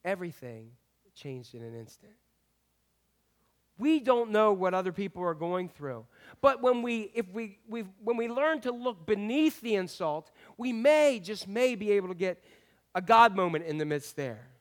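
A man's voice: high-pitched, expressive, moderate pace. A middle-aged man preaching a conversational sermon as pastor, often asking the congregation questions.

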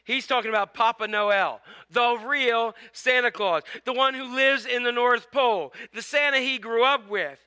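A male pastor delivering a conversational, animated sermon in a church. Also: extremely high pitch, normal speed, few pauses, smooth. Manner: conversational, animated preaching with quoted exclamations. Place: church sanctuary.

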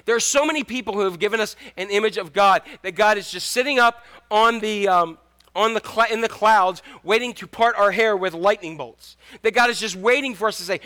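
A man's voice: high-pitched, moderate pace, pushed and bright. A man in his fifties preaching a sermon in a casual, jokey way, restarting often. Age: 50s. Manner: conversational, jokey, many restarts. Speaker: pastor.

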